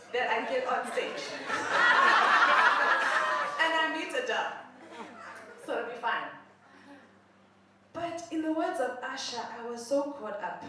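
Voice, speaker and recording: A young woman spins a comic tale at her own expense, her fairly high voice leaping up and down as she laughs into her words. She sounds far from the mic, in a strongly echoing room with a faint hiss behind her. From South Africa. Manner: animated, self-mocking, laughs while talking. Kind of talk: comic personal storytelling.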